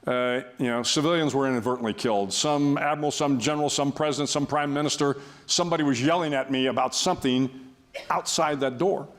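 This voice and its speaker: A man's voice: mid-range voice, fairly even intonation, fairly quick. An older man speaking as a guest before an audience, telling a story in a wry, self-deprecating way with frequent restarts.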